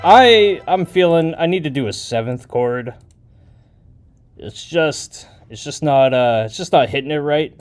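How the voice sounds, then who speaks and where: A man's voice: medium pitch, measured pace, darkish tone, soft background music. A man thinking aloud and joking as he makes a beat, with a rambling, offhand manner. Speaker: music producer. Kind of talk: casual talk while making a beat.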